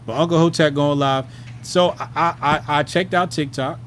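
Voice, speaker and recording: A man's voice: on the high side, steady tone, moderate pace, a bit bright, a little hiss or hum. A man hosting a commentary show, talking in a loose, rambling way, swearing freely and trailing off into fillers. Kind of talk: casual profane commentary.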